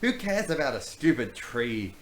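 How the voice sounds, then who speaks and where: A man's voice: mid-range voice, moderate pace, a bit bright, close to an everyday voice. A man voicing a smug, villainous pirate captain with a sneering, theatrical delivery, in an echoey room with faint hiss. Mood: mocking.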